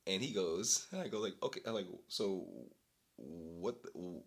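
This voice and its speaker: A young man vlogging, telling an exasperated story in a casual, animated way and breaking into laughter. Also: sits low, normal speed.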